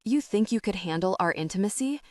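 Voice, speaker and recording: A woman voicing a commanding young man in an audiobook, speaking low and coaxing. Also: lively intonation, a little fast, no room sound, clean studio sound, far from the mic, close to an everyday voice.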